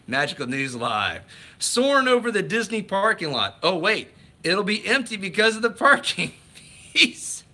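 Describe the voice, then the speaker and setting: A man chats to his viewers on a casual livestream, rambling and restarting his sentences as he goes. His voice is bright and forceful, with a tense, energetic edge. His pitch sits a little high for a man. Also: measured pace. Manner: rambling, enthusiastic, with many restarts. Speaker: livestream host.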